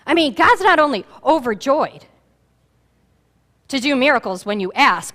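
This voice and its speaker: A woman pastor preaching a sermon in a church, animated and acting out the voices of a story. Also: high voice, unhurried. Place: church sanctuary. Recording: reverberant church hall.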